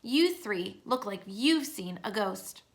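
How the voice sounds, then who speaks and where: A woman reading a children's storybook aloud, voicing a calm, polite woman who works as a museum guide. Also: mid-range voice, takes it slowly.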